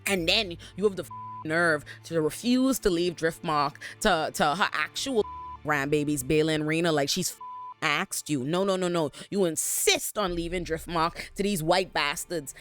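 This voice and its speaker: A man hosting a casual TV episode recap from a hotel room, ranting in an animated, exasperated and profane way. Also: a little high, normal speed, faint music behind. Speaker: TV recap host.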